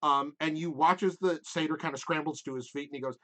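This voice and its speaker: A man's voice: fairly high pitch, quick pace, a bit bright. A man as game master, narrating a tabletop game in a rambling way with many fillers. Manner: rambling, lots of "like" and "um".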